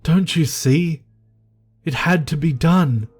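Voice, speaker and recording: A man's voice: fairly high pitch, slow pace, darkish tone, breathy edge, pitched above the performer's own voice. A man voicing a frightened blind old male killer who pleads and strains in a storybook horror reading. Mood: pleading.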